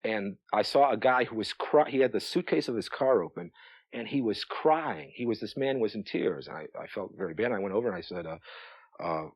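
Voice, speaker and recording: A man's voice: on the low side, lively intonation, a little fast, no room sound, muffled recording. A man who books acts, telling an interview anecdote with stammers and chuckles.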